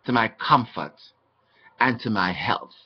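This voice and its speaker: A man's voice: expressive, a little slow, breathy edge. A man talking to his webcam, recounting his mistreatment as a hospital patient in an aggrieved, indignant manner. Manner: aggrieved, indignant, acting out quoted exchanges. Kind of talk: webcam testimony monologue. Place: indoors. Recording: dull low-fi webcam audio.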